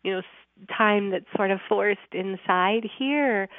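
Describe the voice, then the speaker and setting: A woman's voice: medium pitch, unhurried, dry recording. Cheery farm lady calling in on a phone line, dry and tinny, lots of ums. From Vermont, USA. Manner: cheerful, effusive, with many "um"s. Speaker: guest farmer. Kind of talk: radio interview over the phone.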